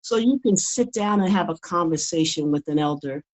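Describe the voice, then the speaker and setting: A woman's voice: lowish voice, lively intonation, moderate pace, a little mellow, low-quality recording. An older woman, a guest in a casual interview, talking earnestly and often repeating words as she builds her point. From United States. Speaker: guest author.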